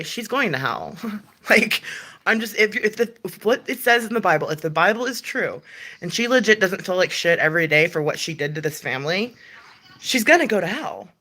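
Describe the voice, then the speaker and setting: A woman's voice: on the low side, expressive, fairly quick, pushed and bright. A young adult woman hosting a casual livestream chat from home, rambling and swearing with frequent laughs. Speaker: livestream host.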